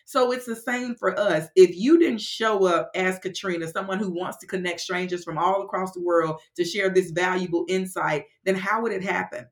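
A woman's voice: on the low side, moderate pace, few pauses. A woman podcast guest speaking earnestly and motivationally in casual conversation, with talk of faith.

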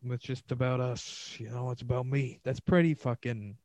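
A podcast host records alone, close on a podcast mic, his mid-range voice steady and a little mellow with no echo. At normal speed he rants in a loose, profane, sarcastic ramble, a solo monologue.

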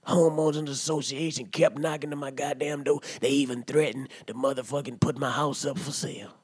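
A man doing a husky rowdy drunk uncle. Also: steady tone, brisk, no echo, clean studio sound, lightly acted. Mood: ranting. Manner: loud profane rant, swings to low mutters. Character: rowdy drunk middle-aged uncle ranting. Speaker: comedy podcast character. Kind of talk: comedic monologue.

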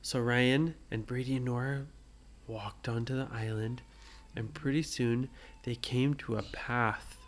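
Slow gentle man telling a bedtime story. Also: medium pitch, steady tone. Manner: slow, gentle, asks the listener questions. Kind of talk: improvised bedtime story for children.

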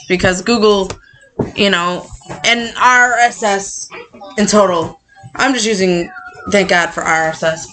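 A woman's voice: mid-range voice, a bit bright, low-quality recording. A woman co-hosts a casual podcast and goes through the numbers in a matter-of-fact way. She swears freely. Faint music sits underneath. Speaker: podcast co-host. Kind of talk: casual chat.

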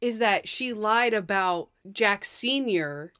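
A woman's voice: mid-range voice, lively intonation, slow pace, sharp tone, clean tone, no room sound. A woman co-hosting a casual podcast, chatting about a TV episode and acting out characters' lines with animation. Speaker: podcast co-host. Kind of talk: casual chat reviewing a TV episode.

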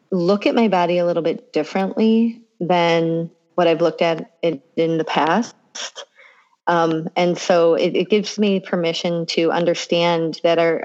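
A woman talks in an easygoing, encouraging way, rambling gently through her thoughts. Her voice is fairly low, and the recording sounds dull and lo-fi. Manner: relaxed, encouraging, rambling with fillers. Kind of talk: casual conversation.

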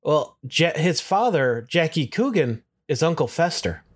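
Man recapping a show, higher voice. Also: unhurried. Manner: relaxed storyteller, recounts plot step by step. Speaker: podcast co-host. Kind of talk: casual chat recapping an episode.

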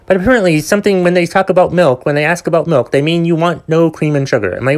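A man's voice: mid-range voice, vocal fry. A young man hosting his own podcast, telling a rambling, exasperated story full of swearing and restarts. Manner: exasperated, profane ranting storyteller. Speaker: podcast host. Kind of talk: solo podcast rant.

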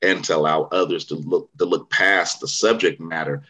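A bass-voiced actor from Vallejo, in California's Bay Area, recounts stories during a casual interview where he's the guest, wandering through them with frequent fillers and restarts. His tone stays steady, pushed and bright, at a moderate pace, captured on poor audio.

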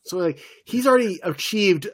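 A man co-hosting a casual podcast chat about TV shows, animated and loose. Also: sits high, moderate pace, no echo, clean studio sound. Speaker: podcast co-host.

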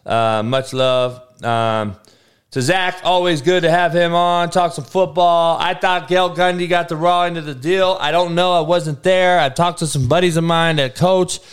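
Man, sports show host, slightly high voice, smooth and clear, loose profane banter. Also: moderate pace. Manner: profane, animated, laughing banter. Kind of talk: casual streamed chat.

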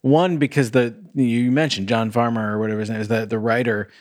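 A man's voice: mid-range voice, fairly even intonation, brisk, dry recording. Young man, podcast co-host, casual movie chat, rambling, filler words, profane, dry close sound. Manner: rambling, full of "like" fillers, profane, laughs often.

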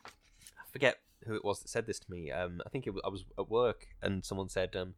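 Low-voiced hesitant man chatting. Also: a little fast, dry recording. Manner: rambling, hesitant, many fillers and restarts. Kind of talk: casual film chat.

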